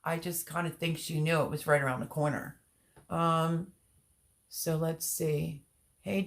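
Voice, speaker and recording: Woman, live stream host, gravelly voice, lowish pitch, chatty, reads comments aloud. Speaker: livestream host. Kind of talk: casual live chat reading comments.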